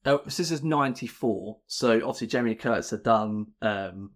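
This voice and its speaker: A man's voice: mid-range voice, a little fast. Brief: male podcast host, easygoing and rambling, filler-heavy summaries. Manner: rambling, lots of "kind of" fillers. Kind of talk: casual film chat.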